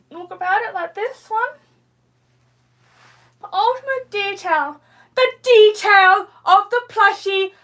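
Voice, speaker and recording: Woman, live-stream host, chatty show-and-tell, emphatic, bright, ringing. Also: extremely high pitch. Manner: deliberate, overly descriptive, emphatic delivery; chatty, rambling with giggles. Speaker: livestream host.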